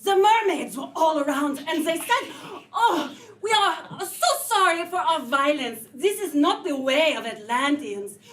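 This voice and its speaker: A woman's voice: high-pitched, expressive, measured pace, hardly any pauses, fairly bright tone. A woman telling an improvised comic story on stage in a playful way. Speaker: improv performer. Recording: distant stage mic.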